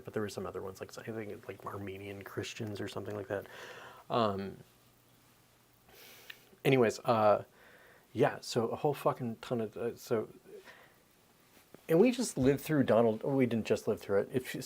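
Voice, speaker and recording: A man in his thirties hosting a podcast, ranting in a profane, animated, rambling way. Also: lowish voice, gravelly. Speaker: podcast host. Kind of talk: casual opinion rant.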